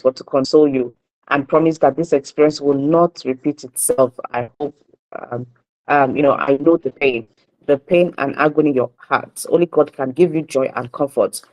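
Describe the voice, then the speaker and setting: Halting Nigerian radio host. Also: mid-range voice, a little mellow, low-quality recording. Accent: Nigerian English. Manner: halting reading with many fillers and self-corrections. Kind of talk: morning radio newspaper review.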